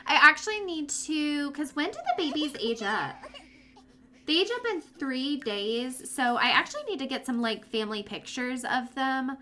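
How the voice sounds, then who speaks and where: A woman's voice: sits high, expressive, measured pace, fairly bright tone, slight background noise. A young woman giving casual, chatty commentary while playing a life-simulation game, talking fondly to her characters as she goes. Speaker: let's play host.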